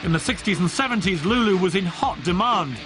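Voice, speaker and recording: Middle-aged man, interviewer and narrator, lively pitch, music bed behind. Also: fairly quick. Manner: probing, teasing questions. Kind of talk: interview questions and scripted narration.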